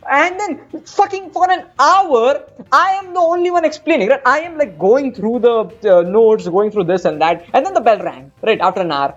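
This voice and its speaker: A young man in his twenties tells a crude, self-mocking story in a loose, rambling way while he plays. His pitch swings up and down a lot. The audio is dull and lo-fi, with faint music underneath. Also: animated, moderate pace. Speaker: gaming streamer. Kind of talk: casual storytelling over gameplay.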